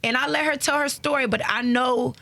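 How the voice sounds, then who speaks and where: Bright, chatty woman comedian. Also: sits high, a little fast, gravelly. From Miami. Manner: animated, chatty, laughs often. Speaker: comedian guest. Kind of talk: casual interview chat.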